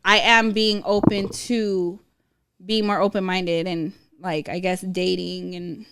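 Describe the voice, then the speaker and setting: A woman's voice: fairly low pitch, flat delivery, slow, noisy background. A young woman co-hosting a podcast, talking casually in a loose way with lots of filler words. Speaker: podcast co-host. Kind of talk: casual chat.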